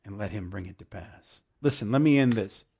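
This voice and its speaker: A man preaching a devotional sermon, emphatic and repeating key lines slowly, at times dropping to hushed praise. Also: on the low side, vocal fry, breathy edge.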